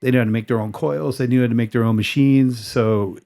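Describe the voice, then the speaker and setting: A man's voice: medium pitch, fairly even intonation, a little fast, gravelly, mellow. An American man hosting a casual interview, talking in a loose, rambling way with many restarts and the odd curse word. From United States. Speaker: podcast host. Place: tattoo shop area in San Diego.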